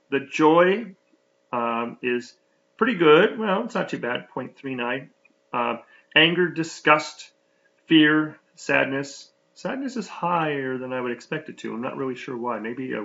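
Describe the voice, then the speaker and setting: Gravelly man walking through a software demo. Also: mid-range voice. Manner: rambling, thinking aloud with many fillers. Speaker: software developer giving a demo. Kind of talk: casual screen-recorded software demo. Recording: slightly muffled lo-fi recording.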